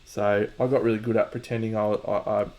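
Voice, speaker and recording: A man's voice: on the low side, little pitch movement, brisk, a little mellow, dull audio. A man with an Australian accent, casually chatting to viewers on his stream while painting, joking and mock-boastful, swearing freely.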